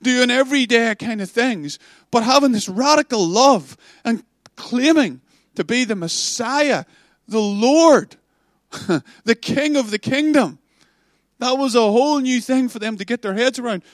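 A man preaching a sermon, passionate and animated, with stammering restarts and chatty asides. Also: very high-pitched, measured pace, dry recording, clean studio sound. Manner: passionate, animated, self-interrupting. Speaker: pastor.

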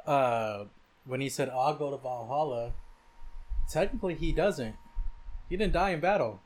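A man's voice: mid-range voice, moderate pace. A man in casual conversation about a movie, chiming in with details and laughing with his friends. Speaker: podcast co-host.

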